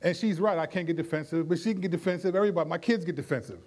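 A man, a pastor, teaching in a conversational Q&A with lively energy and frequent restarts. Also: on the high side, very fast. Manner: animated, with frequent restarts and playful voices.

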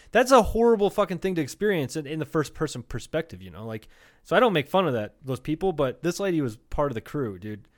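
A young man co-hosting a comedy podcast, telling a rambling, profane story in casual chat. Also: on the high side. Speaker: podcast co-host.

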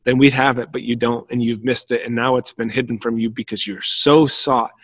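A man preaching a teaching sermon in an earnest way, often restarting his sentences and slowing down for quoted scripture. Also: mid-range voice, steady tone, a bit bright, husky, no room sound. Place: room at home.

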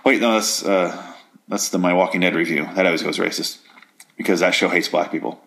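A man's voice: sits low, fairly even intonation, fairly quick, creaky, a bit bright. A man hosting a comedic review monologue, talking in a rambling, profane, sardonic way. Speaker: podcast host reviewing a show.

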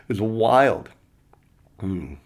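A comedian and podcast host telling stories in a loose, rambling way, chuckling at his own punchlines. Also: fairly low pitch. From Canada. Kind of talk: casual storytelling monologue.

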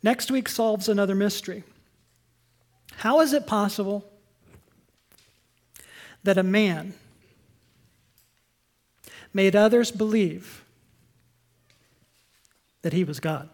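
A woman preaches a sermon at an unhurried pace. Her delivery is earnest and emphatic. She softens to a quiet storytelling voice for the anecdotes. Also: mid-range voice. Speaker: pastor.

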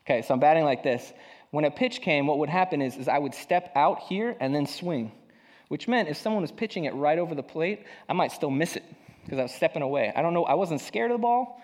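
Pastor with a long hall echo. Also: male voice, fairly high pitch, expressive, fairly quick, a little mellow. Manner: storytelling, conversational and self-deprecating. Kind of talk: sermon. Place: church hall.

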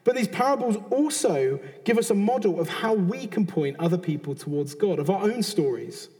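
A man's voice: high voice, expressive, normal speed, a little mellow. A British man in his thirties preaching a sermon in an earnest, conversational way, often restarting and adding asides. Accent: British English. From Britain. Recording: long hall reverb.

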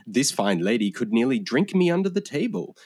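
A man's voice: mid-range voice, sing-song, a little fast, darkish tone, husky, no room sound. A man reading a comic story aloud in a pompous, mock-genteel manner, as a podcast host. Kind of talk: comic reading in a posh, formal voice.

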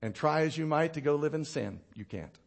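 Animated male pastor preaching a sermon. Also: fairly quick, vocal fry. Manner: animated storytelling, laughing at his own anecdotes; drops low and quiet to land points.

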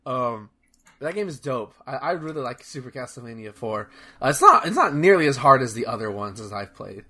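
A man's voice: mid-range voice, big pitch swings, fairly quick, bright, forceful tone. A young man chatting casually as a podcast host, rambling and enthusiastic, with lots of fillers, restarts and swearing. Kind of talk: casual chat.

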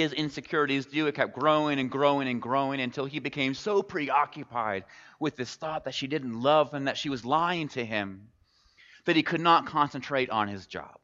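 Pushed and bright, this man's medium-pitched voice fills a church as he preaches. He narrates a story expressively before pausing to reflect on it, captured in a dull recording with long reverb from the hall.

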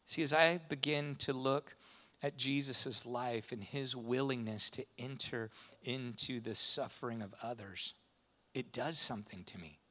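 A man's voice: medium pitch, unhurried. A man preaching a sermon with impassioned delivery. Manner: impassioned, rising to animated retellings. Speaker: pastor.

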